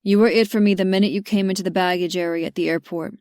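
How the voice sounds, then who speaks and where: A woman's voice: fairly low pitch, steady tone, fast talker, no echo, clean studio sound, lightly acted. A woman doing a grumpy man turned tender. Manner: soft, earnest. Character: grumpy young cowboy-type man in love.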